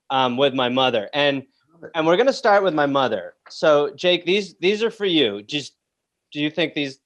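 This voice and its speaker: A man hosting a comedy podcast, teasing his mother and guest in casual chat. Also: a little high. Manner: teasing, playful. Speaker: podcast host.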